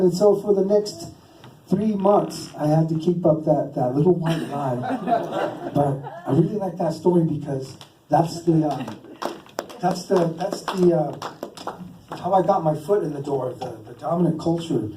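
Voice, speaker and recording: A man's voice: a little high, moderate pace. A man doing stand-up storytelling, rambling and self-deprecating with many fillers and restarts. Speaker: stand-up comedian. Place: live comedy stage. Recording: roomy hall, distant mic, faint hiss.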